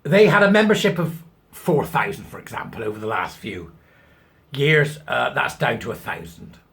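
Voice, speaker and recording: A man's voice: medium pitch, big pitch swings, moderate pace, creaky, a bit bright. A middle-aged man hosting his own show, talking in a chatty, sarcastic way and laughing at his own jokes. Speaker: host. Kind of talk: casual commentary.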